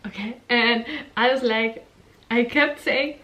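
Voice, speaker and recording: A woman's voice: high-pitched, takes it slowly, fairly bright tone. Giggly young woman telling a candid story. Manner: candid, giggly, acts out quotes. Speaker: vlogger. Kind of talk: casual storytelling vlog.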